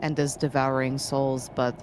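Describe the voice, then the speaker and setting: A woman with a fairly low voice plays a tabletop role-playing game. She describes her character's actions and thoughts in the third person. A faint noise sits behind her. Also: flat delivery, unhurried, a little mellow. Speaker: player.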